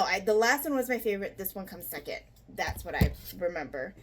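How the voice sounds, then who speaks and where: A young woman vlogging an unboxing, gushing and breathless with excitement, repeating herself. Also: fairly high pitch, slight background noise. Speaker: book vlogger.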